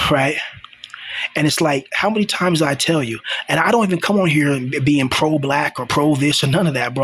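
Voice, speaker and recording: A man's voice: mid-range voice, a bit bright, slight background noise. A young man hosting his own channel, venting in a raw, confrontational monologue and repeating himself for emphasis. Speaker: channel host.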